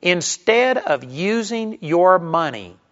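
A man's voice: sits high, very animated, slow, fairly bright tone, lo-fi sound. A man preaching a sermon for radio with an emphatic, repetitive cadence.

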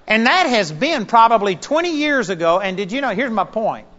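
A man preaching a sermon, telling a personal story with animated swings in pitch and loudness. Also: normal speed, in a large hall, muffled recording.

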